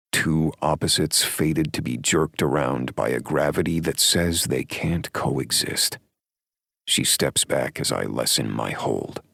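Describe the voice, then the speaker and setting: A man narrating a romance audiobook in the first person, in a measured, wry way. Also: extremely low pitch, gravelly, fairly bright tone, slightly rough, no room sound, studio quality.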